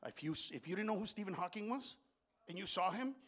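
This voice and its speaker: A middle-aged man doing a profane stand-up comedy set on stage before an audience, ranting and often breaking into shouts. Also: high voice, lively intonation, a little fast.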